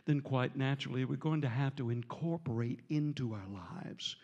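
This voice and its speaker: A man preaching a storytelling sermon as a visiting preacher, animated and jovial, breaking into laughter and shouts. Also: mid-range voice, moderate pace, muffled recording. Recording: reverberant church sanctuary.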